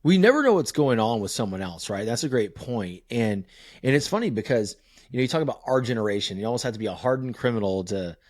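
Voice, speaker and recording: A man hosting a podcast, talking candidly and telling family stories in an animated way, swearing freely. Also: mid-range voice, quick pace, no echo, clean studio sound. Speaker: podcast host. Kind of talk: casual podcast conversation.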